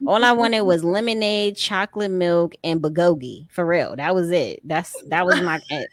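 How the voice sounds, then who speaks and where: A woman in her thirties, a former soldier and mother, telling her story in a casual interview, animated and laughing often, acting out what people said. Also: on the low side, moderate pace, no echo, clean studio sound. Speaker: guest, army veteran and mother.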